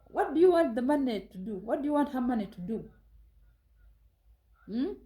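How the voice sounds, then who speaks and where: A woman gives a scolding motivational talk in a warm, mellow voice. She talks straight at her listeners, reproving them and pressing pointed rhetorical questions. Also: sits high, lively intonation, normal speed, poor audio.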